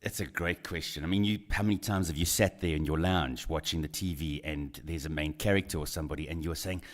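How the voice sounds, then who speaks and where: Deep-voiced man co-hosting morning radio, chatty and meandering. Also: fast, few pauses. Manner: conversational, hesitant with fillers. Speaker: radio co-host. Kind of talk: talk radio chat.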